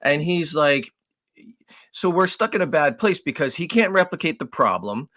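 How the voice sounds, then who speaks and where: A man co-hosting a podcast, telling a long story in a casual, animated way with lots of swearing. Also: on the high side, normal speed. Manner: animated, profane, acts out raised voices. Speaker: podcast co-host.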